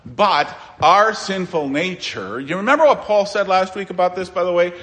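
A man preaching a sermon as pastor, emphatic, with dramatic pauses and sudden quiet asides. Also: high voice, lively intonation, long reverb tail.

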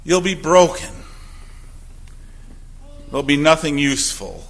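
A male pastor preaching a sermon, swinging between emphatic outbursts and quiet, low asides. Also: measured pace. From Wisconsin. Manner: emphatic preaching with sudden loud and soft swings.

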